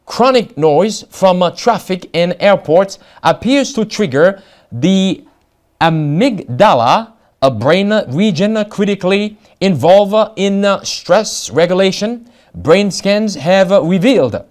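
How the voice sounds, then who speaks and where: High-pitched American male preacher, halting read-aloud sermon delivery with stressed keywords. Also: animated. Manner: reads passages aloud with frequent fillers and restarts, stressing key words. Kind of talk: sermon-style Bible study.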